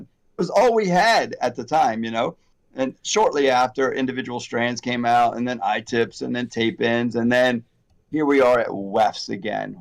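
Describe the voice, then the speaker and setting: A middle-aged man talks shop in a loose, rambling way, full of fillers, asides and self-deprecating jokes. His pitch sits in an ordinary middle range, and his delivery is easygoing and conversational, as if teaching colleagues in a salon. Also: vocal fry. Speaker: hair extension educator, host. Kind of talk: casual conversational chat.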